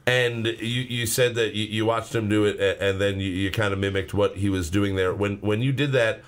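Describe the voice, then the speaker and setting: A man's voice: fairly low pitch, fairly even intonation, moderate pace. A man co-hosting a casual music podcast, talking in a loose, rambling way with plenty of swearing and restarts. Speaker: podcast co-host.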